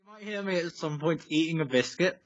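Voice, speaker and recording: A man's voice: a little high, animated, a little fast, no room sound, faint music behind. A young man, a musician, chatting over a video call, rambling with lots of fillers and tangents. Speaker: musician guest. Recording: slightly dull, dry call audio.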